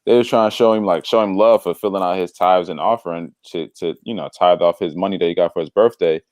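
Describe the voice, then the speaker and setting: A man in casual conversation telling a story, animated and slangy, acting out the voices of the people in it. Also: sits low, fast, dry recording, clean studio sound. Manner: slangy, drops "bro". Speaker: devotional podcast co-host.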